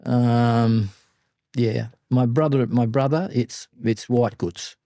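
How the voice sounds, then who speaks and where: An older man with an Australian accent, a podcast guest telling business stories in a lively, blunt, salty way. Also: mid-range voice, slow, no room sound, studio quality. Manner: animated anecdotes, blunt and salty. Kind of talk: casual interview storytelling.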